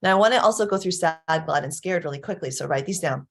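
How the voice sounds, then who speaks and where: A woman parenting coach gives a casual, chatty lesson, laughing often and checking in with her listeners. She speaks at a quick pace in a low, gravelly voice.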